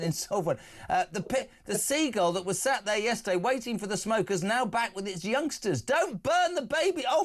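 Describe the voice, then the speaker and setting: A man hosting a radio phone-in, brash, jokey and opinionated. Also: high voice. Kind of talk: lively radio phone-in chat.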